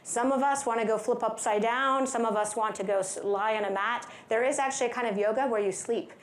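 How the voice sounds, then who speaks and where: A woman's voice: on the high side, fairly quick. Upbeat woman speaker in echoey hall. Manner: energetic, upbeat, playful asides with laughs. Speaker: wellness speaker. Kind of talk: live conference talk leading movement and breathing. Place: large conference hall.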